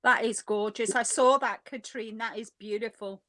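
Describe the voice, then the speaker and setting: A woman's voice: fairly high pitch, fairly even intonation, normal speed, fairly bright tone. A woman co-hosting a casual crochet livestream, reacting with gushing exclamations. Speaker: livestream co-host.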